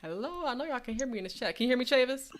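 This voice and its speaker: A woman's voice: on the high side, lively intonation, very fast. A woman hosting a live stream, chatting casually and calling on her audience as y'all. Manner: chatty, addresses chat as y'all. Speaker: host.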